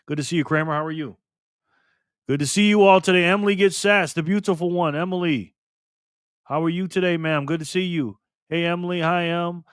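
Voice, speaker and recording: A man hosting a casual live stream, greeting viewers by name in an upbeat, lively way. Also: a little high, dry recording, clean studio sound. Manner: slow and earnest when speaking of freedom and tyranny.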